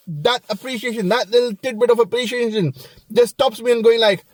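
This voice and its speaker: A man's voice: very high-pitched, moderate pace. A man in his thirties, a doctor, telling a wry, exasperated comic story close to the mic. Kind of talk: comedic monologue.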